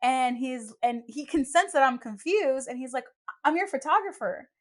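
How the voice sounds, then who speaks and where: Her voice sits high and moves at normal speed as this young woman hosts a podcast on a podcast microphone. Chatting casually, she narrates stories with energy and acts out whoever she quotes.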